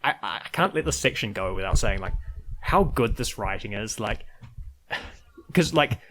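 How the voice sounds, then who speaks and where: A man's voice: on the low side, expressive, unhurried, fairly bright tone. A man co-hosting a podcast in casual chat, rambling with frequent restarts and laughing often. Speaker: podcast co-host.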